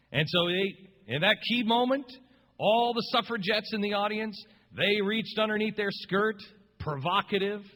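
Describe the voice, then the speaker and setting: A talk radio host with a high-pitched, bright, forceful voice tells a story in an impassioned, rambling, emphatic way. The recording has long reverb.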